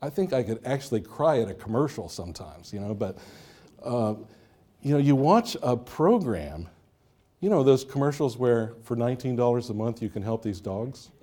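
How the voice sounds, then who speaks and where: Male pastor, mid-pitched and mellow, emphatic sermon delivery with rhetorical questions. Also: husky. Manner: emphatic preaching with rising and falling intensity, rhetorical questions.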